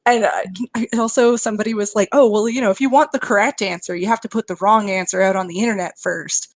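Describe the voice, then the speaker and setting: A woman's voice: medium pitch, steady tone, quick pace, dry recording, poor audio. A young woman game developer talking casually in a panel chat, chatty with lots of fillers and laughter. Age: young adult.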